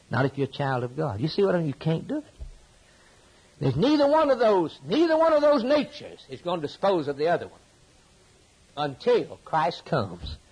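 A man preaching a sermon, building phrases through repetition and swinging between loud emphasis and soft asides. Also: mid-range voice, breathy edge, low-quality recording. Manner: impassioned, preaching with rising and falling emphasis and repetition.

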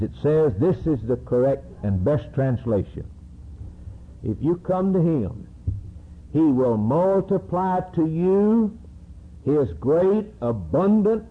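A man preaching a sermon slowly and emphatically, climbing to high, ringing peaks. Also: breathy edge. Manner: slow, emphatic preaching that rises to high-pitched climaxes. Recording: narrow, phone-like recording.

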